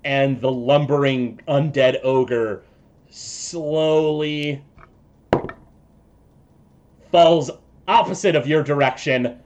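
A man's voice: mid-range voice, a little mellow, slight background noise. A man running a tabletop game as game master, narrating the action with frequent fillers and restarts. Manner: halting, many fillers and restarts.

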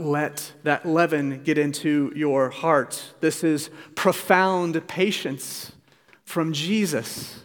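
A man's voice: on the high side, fairly even intonation, slow pace. A man preaching a sermon as pastor, earnest and pleading, with emphatic urgency. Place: church sanctuary. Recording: long reverb of a church hall.

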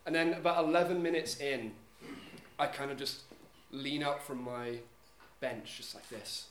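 Animated man telling a story. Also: medium pitch, a little slow. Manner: animated, acts out scenes with sound effects. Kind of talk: live storytelling. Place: live event venue. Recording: echoey venue with background noise.

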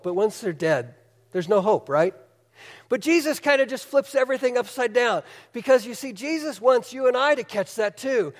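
High-voiced man preaching in a reverberant hall. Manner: animated storytelling, asks the audience questions. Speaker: pastor. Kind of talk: sermon.

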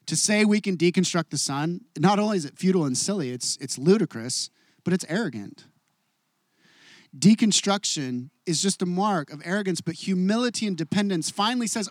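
Earnest pastor in his forties, high voice. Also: no room sound, clean studio sound. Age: 40s. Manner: earnest, confessional, swings from hushed to loud. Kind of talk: sermon.

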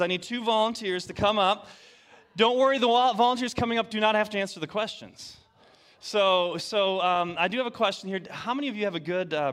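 A male pastor preaching to his congregation, playful and energetic as he runs a quiz with volunteers. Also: high voice. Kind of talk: sermon with audience game.

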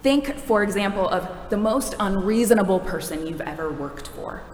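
A woman's voice: medium pitch, expressive, moderate pace, darkish tone, slight background noise. A woman preaching a sermon in a conversational, wry, self-deprecating way. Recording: echoey hall from a distance.

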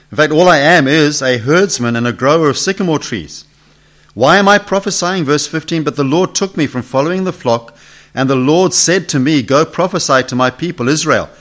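A man's voice: medium pitch, fairly bright tone. A man teaching a Bible study to a gathered group, conversational, asking questions and acting out the voices in the text. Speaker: preacher. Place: meeting room with a live group.

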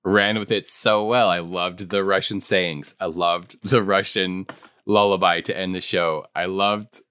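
A man's voice: deep voice, steady tone, a little slow, fairly bright tone, clean tone, dry recording, clean studio sound. A man co-hosting an improv podcast in casual chat, speaking earnestly and reflectively, often repeating himself. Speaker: podcast co-host.

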